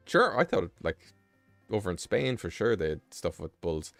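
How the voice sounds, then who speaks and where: A man's voice: sits low, very animated, moderate pace, gravelly, dry recording, soft background music. A man hosting a live stream, reading text aloud in a rambling, offhand way and breaking off for casual asides. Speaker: livestream host.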